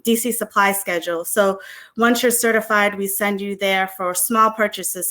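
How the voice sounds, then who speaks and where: A woman from a city small business agency, answering on an online panel quickly with many filler ums. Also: medium pitch, bright, forceful tone. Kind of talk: panel answer on a virtual summit.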